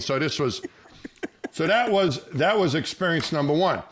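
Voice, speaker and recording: A middle-aged man, a former astronaut co-hosting a podcast, telling a long story in a rambling way, with many restarts and lively quoted voices. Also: a little high, brisk, a little hiss or hum. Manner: rambling, many restarts, animated when quoting people. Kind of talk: casual storytelling chat.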